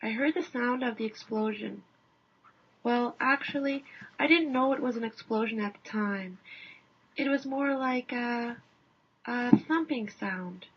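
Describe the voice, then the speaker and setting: A man's voice: extremely high pitch, breathy edge, exaggerated voice. A woman voicing a modest Canadian man who hedges and halts while describing a hotel fire. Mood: hesitant. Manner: hedging, halting, understated. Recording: dull lo-fi recording.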